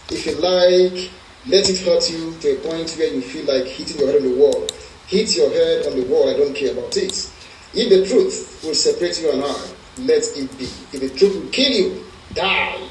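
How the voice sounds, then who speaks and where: A man's voice: a little high, a little mellow, a little hiss or hum. A man with a Nigerian accent giving an emphatic, defiant political speech that keeps repeating its declarations. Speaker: political commentator. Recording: roomy echo, distant mic, faint music.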